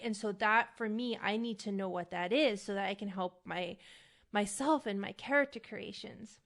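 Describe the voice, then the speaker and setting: A woman's voice: medium pitch, moderate pace, fairly bright tone. A woman host coaching actors in a casual teaching monologue, talking conversationally and often checking in with "right?". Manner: conversational, frequent "right?" check-ins, emphatic. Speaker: acting coach and podcast host.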